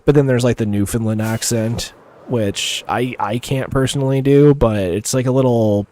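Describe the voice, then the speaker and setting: A man's voice: medium pitch, steady tone, moderate pace, mellow. Rambling man chatting while gaming. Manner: rambling, many fillers, chuckles often; chats with viewers while playing. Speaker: live streamer. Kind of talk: casual gameplay commentary.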